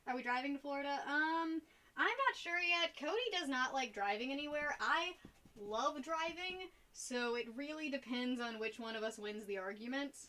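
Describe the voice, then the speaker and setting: A woman's voice: high-pitched, lively intonation, moderate pace, pushed and bright. A young woman chatting casually on a live stream while she paints, rambling and giggling between topics. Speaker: art streamer.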